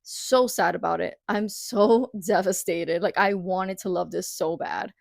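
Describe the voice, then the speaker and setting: A woman's voice: fairly low pitch, unhurried, creaky, no room sound, clean studio sound. A young woman vlogger chatting casually about books, retelling stories with dramatic quoted reactions. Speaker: book vlogger. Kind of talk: casual chat.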